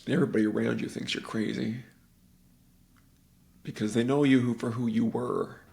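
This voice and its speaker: A man hosting a podcast, casually and excitedly retelling a film with lots of "like" fillers. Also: mid-range voice, moderate pace, creaky. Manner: rambling, animated movie retelling full of "like". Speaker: podcast host.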